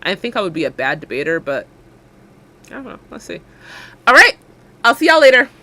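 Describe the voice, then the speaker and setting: A woman's voice: medium pitch, big pitch swings, fairly quick, sharp tone. A woman streamer, chatting casually and encouragingly with her viewers on a livestream, laughing often.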